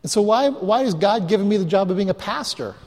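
A man's voice: sits high, animated, darkish tone. Storytelling pastor man in a reverberant hall. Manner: chatty, self-mocking anecdotes with quick asides. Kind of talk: storytelling sermon to a live congregation. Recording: live hall recording with long reverb.

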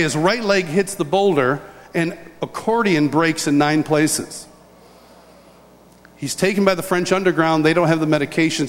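An older man from upstate New York, preaching a sermon as a lively personal story with chuckles and restarts. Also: fairly high pitch. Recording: long hall reverb.

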